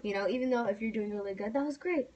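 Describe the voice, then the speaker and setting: A woman's voice: fairly high pitch, rapid-fire, background noise. A young woman co-hosting a casual live-stream chat, hesitant and giggly with many fillers. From United States. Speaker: co-host.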